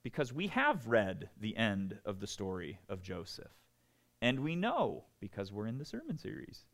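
Conversational preacher man asking "right?". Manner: acts out quoted voices with big swings in pitch and loudness. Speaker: pastor. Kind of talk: sermon.

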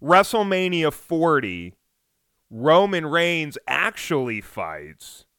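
Excitable man rambling on a podcast. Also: on the high side, slow, no room sound, studio quality. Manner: excitable, rambling, swears often. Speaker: podcast host. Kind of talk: casual wrestling podcast chat.

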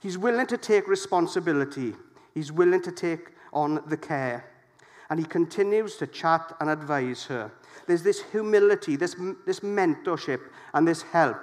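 A middle-aged man preaching a sermon, lively and jokey, putting questions to the congregation. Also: a little high, normal speed.

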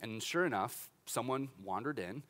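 A middle-aged man, a pastor, preaching a sermon in a church in a casual, animated way, with laughs and restarts. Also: mid-range voice, normal speed. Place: church sanctuary.

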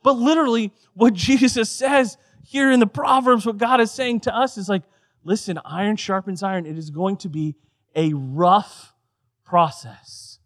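A man preaching a sermon, swinging between loud emphatic lines and quiet, soft passages. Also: sits high, measured pace. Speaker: pastor.

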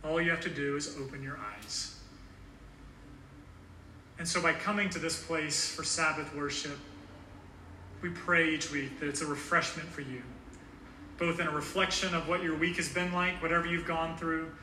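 A man's voice: on the high side, fairly even intonation, moderate pace, sharp tone, slight background noise. A man pastor giving a sermon in a church, earnest and conversational, with occasional fillers. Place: church sanctuary. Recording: echoey room heard from a distance.

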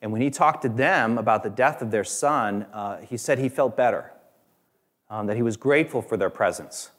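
A man preaching a sermon in a conversational, halting way with many fillers, lifting his voice when he quotes other people. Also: medium pitch. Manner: voice rises and grows louder when quoting others. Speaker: pastor.

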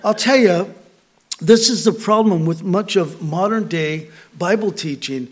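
A male pastor delivering a sermon in church, his voice sitting a little higher than most men's. He preaches in a conversational way, leaning into key words and tossing asides to the congregation. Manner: conversational preaching with rising emphasis and frequent asides.

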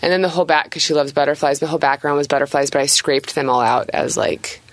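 A woman's voice: sits low, fast, no echo. A woman in her thirties, an artist guest chatting casually on a podcast, talking with many restarts and frequent laughs.

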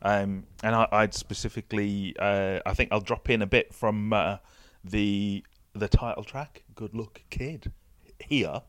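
A man's voice: on the low side, fairly even intonation, measured pace, few pauses, slight background noise. A man co-hosting a podcast who talks casually and hesitantly about music. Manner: hesitant, filler-heavy, laid-back. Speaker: podcast co-host.

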